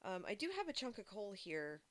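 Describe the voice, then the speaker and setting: A woman's voice: medium pitch, very animated, brisk, a bit bright. A woman live-streaming a game, chatting casually with her viewers in a rambling way full of fillers and restarts. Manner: talks to chat viewers. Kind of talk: casual live-stream chat while playing.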